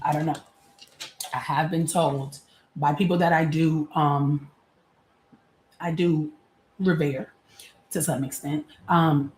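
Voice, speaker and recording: Brief: a chatty, candid woman in her forties, lowish voice, recorded in an echoey room. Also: normal speed, darkish tone, slight background noise. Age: 40s. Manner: candid, chatty, laughs often, casual slang. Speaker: vlogger. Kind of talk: personal reflective monologue.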